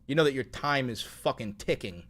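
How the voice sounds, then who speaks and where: A man's voice: medium pitch, expressive, moderate pace, fairly bright tone. Angry, profane male commentary host. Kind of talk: livestream commentary.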